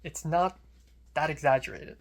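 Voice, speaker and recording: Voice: mid-range voice, moderate pace. A young adult student filmmaker telling a casual vlog story in a rambling way, full of fillers and restarts.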